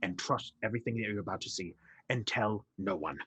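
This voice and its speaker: A man's voice: fairly low pitch, fairly bright tone, husky, dry recording. A man voicing a grave orc paladin. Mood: commanding. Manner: slow, grave, commanding threats.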